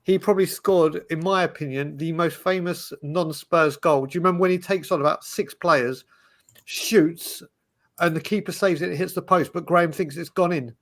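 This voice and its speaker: Bloke telling stories on a podcast, lively, keeps restarting, bit high-pitched. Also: male voice, moderate pace. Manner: animated, storytelling, restarts often. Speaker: podcast panelist. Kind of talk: casual chat.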